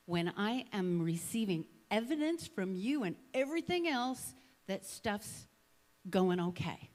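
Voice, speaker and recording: A woman speaking as a guest at a Sunday service in a conversational sermon, a lively storyteller who acts out examples and keeps asking "right?". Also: fairly high pitch, takes it slowly. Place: spiritual center Sunday service.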